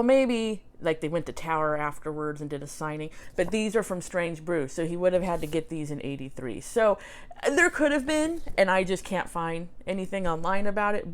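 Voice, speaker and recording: A chatty woman vlogger talking casually at home, rambling from one thought to the next. She laughs often, and her voice sits a little low. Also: smooth. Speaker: vlog host showing records. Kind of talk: casual chat. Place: home near a railway.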